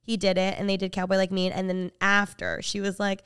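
Young woman podcast co-host, chatty storyteller, smooth voice, dry close sound. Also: mid-range voice, completely flat delivery, fairly bright tone, dry recording. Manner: chatty storyteller, quick asides and laughs. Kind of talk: casual chat.

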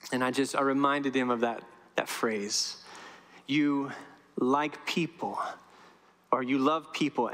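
Pushed and bright, on the high side, this middle-aged pastor's voice fills a church sanctuary with long reverb. His sermon is conversational, full of stories and questions aimed at the congregation.

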